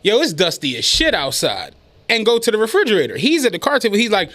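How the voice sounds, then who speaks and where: A man co-hosting a podcast, telling a story in casual chat, animated and profane and laughing often. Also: sits high, quick pace. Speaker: podcast co-host.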